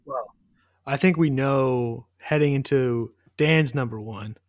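A man's voice: medium pitch, slow pace, no room sound, clean studio sound. A man in easygoing casual movie chat.

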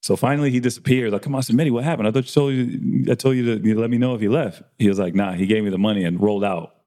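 A man's voice: medium pitch, racing, mellow. A man telling a barbershop story in casual chat, acting out the dialogue and swearing freely. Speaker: barber and podcast host.

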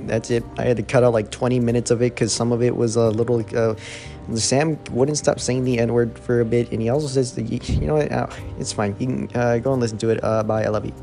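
A man's voice: mid-range voice, steady tone, fast, vocal fry, music in the background. A man opening a casual podcast in a rambling, crude, offhand way. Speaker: podcast host.

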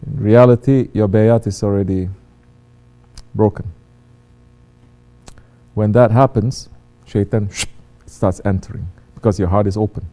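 A man preaching a sermon in a low voice. His tone is mellow and dark. He acts out the voices he quotes, dropping to a hush and then rising loud. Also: fairly even intonation, measured pace, long pauses. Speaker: religious teacher.

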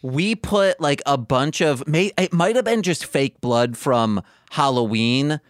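A man's voice: a little high, animated, slow pace, dry recording, studio quality. A man co-hosting a podcast in casual chat, a chatty storyteller who acts out the voices of people he quotes. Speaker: podcast co-host.

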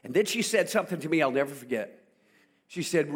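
A man's voice: mid-range voice, normal speed, slightly rough. A middle-aged man from South Carolina preaching a sermon in church, telling a childhood story with call-and-response. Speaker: pastor.

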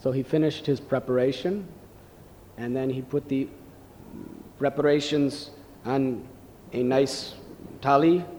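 A man telling a devotional story in a gentle, reverent sermon style. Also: medium pitch, a little hiss or hum. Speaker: preacher. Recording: long hall reverb.

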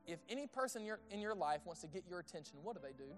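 A man preaching a sermon in a conversational way, asking the audience questions and dropping to a hushed tone on intimate points. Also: sits high, expressive, rapid-fire, faint music behind. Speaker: pastor.

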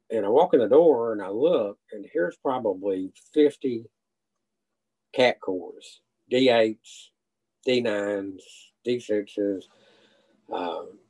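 A man's voice: lowish voice, darkish tone, poor audio. An older retired salesman, a man, telling long rambling stories with restarts and quoted dialogue in a casual interview. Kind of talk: casual storytelling.

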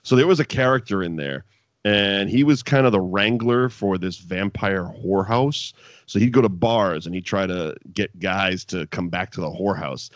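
A man's voice: sits low, moderate pace, no echo. A man co-hosting a casual chat podcast reviewing wrestling, swearing freely and breaking into mock voices.

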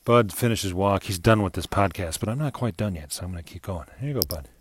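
A man's voice: low voice, fast talker, slight background noise. A man hosting his own podcast, talking in a rambling, reflective, self-deprecating monologue. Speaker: podcast host.

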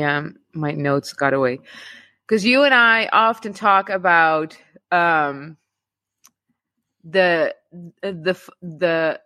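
A woman's voice: lowish voice, pushed and bright, no room sound. A woman hosting a podcast in a blunt, chatty way, laughing often. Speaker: podcast host. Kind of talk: casual podcast chat.

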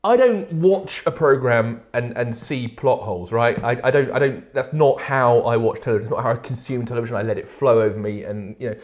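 A British man co-hosting a chatty podcast, blunt and full of swearing, with a voice of ordinary middle pitch. He talks emphatically and with plenty of conviction. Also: a little fast, hardly any pauses, darkish tone. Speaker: podcast co-host. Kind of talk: casual chat.

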